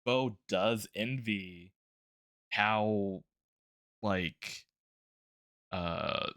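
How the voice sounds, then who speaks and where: A man's voice: fairly low pitch, drawn-out words, a bit bright, smooth, no room sound, clean studio sound. A man streaming while drawing, chatting casually about a tabletop game character, rambling with lots of fillers, restarts and laughs.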